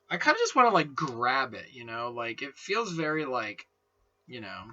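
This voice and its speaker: A man's voice: medium pitch, huge pitch swings, normal speed, bright, forceful tone, muffled recording. A young man rambling casually and swearing as he unboxes and sets up a microphone at home. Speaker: video creator. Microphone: desk microphone being set up.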